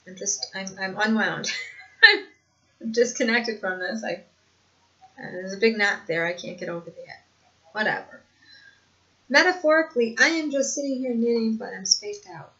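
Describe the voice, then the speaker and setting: A woman's voice: medium pitch, normal speed, pauses often, pushed and bright. Earnest older woman talking to camera. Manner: earnest, repetitive, laughs often. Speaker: vlogger sharing lived experience. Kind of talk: casual monologue to camera. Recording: dull lo-fi home recording.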